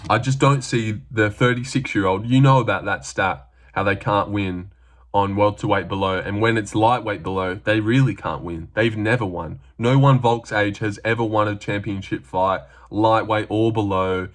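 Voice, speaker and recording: A man's voice: fairly low pitch, steady tone, moderate pace. A young Australian man talking casually through his fight predictions, rambling with lots of fillers.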